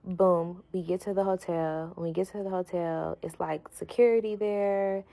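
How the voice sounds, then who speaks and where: A woman's voice: lowish voice, fairly even intonation, normal speed, vocal fry, warm tone, rough recording. A woman telling a story in a casual vlog, blunt, slangy and profane. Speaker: storyteller vlogger.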